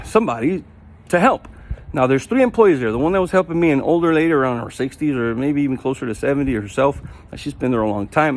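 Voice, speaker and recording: A man telling a story in a casual, indignant rant for his vlog, repeating himself and building to heated outbursts. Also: on the high side. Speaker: vlogger. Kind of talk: casual ranting monologue.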